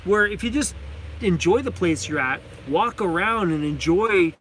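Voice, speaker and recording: Canadian guy live streaming from his van, high voice, laughs a lot, faint vehicle hum behind. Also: expressive, a little slow, fairly bright tone. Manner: enthusiastic, laughs often, reads chat names aloud. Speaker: vlogger hosting a live stream. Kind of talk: casual live stream chat. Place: inside a parked van.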